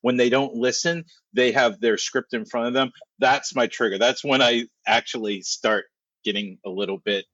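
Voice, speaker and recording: A man's voice: mid-range voice, fairly even intonation, normal speed, a bit bright, dry recording. A man in a casual group discussion, speaking emphatically and agreeing readily. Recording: dull lo-fi sound.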